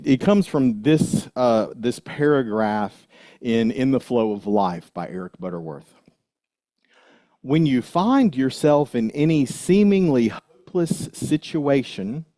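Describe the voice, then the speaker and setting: A man's voice: medium pitch, no room sound, clean studio sound. A man, possibly, giving a conversational, jokey sermon and talking directly to his congregation. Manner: animated, jokey, talks to congregation. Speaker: minister.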